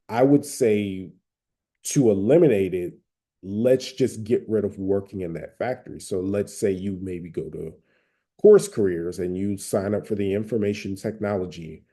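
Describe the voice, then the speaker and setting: A man from Georgia with a Southern accent talks through advice in a loose, conversational way. His voice is very dark and mellow and sits a little low in pitch. He speaks casually, with plenty of fillers. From Atlanta, Georgia. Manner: conversational, frequent fillers and hedges. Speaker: speaker giving recovery advice.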